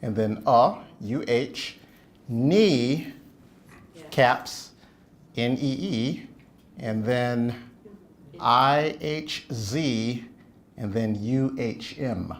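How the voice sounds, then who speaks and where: A man's voice: mid-range voice, very slow, pauses often. A British man reading out spelling bee words and definitions, joking about his own accent. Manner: joking, self-deprecating, apologetic. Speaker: spelling bee word reader. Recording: noisy crowd in background.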